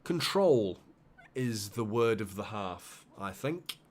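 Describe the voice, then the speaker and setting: A man hosting a live football watchalong, calling the play with bursts of excitement and muttered asides. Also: fairly low pitch, slow pace. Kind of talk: live match commentary for a fan watchalong.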